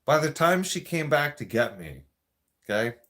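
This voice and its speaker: A man's voice: fairly high pitch, big pitch swings, moderate pace, fairly bright tone. A man telling a profane, rambling story in a casual rant. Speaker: vlogger.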